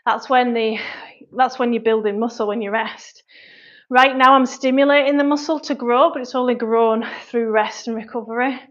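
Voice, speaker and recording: Breathy Lancashire woman mid-workout. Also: a little high, steady tone, moderate pace, fairly bright tone, muffled recording. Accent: Mancunian-Lancashire English. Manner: chatty, puffing and sighing between sets. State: out of breath from exercise. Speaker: personal trainer and online fitness coach. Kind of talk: chatty live-stream workout commentary.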